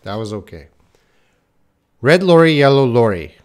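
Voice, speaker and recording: A man's voice: medium pitch, big pitch swings, moderate pace. A man giving a casual live-stream lesson, chatting to viewers by name and laughing at his own slips. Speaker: English teacher.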